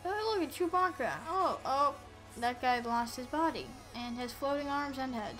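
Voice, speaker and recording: A woman giving casual let's-play commentary, excitable and playful, yelling at enemies on screen. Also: sits high, normal speed, soft background music. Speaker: gameplay commentator.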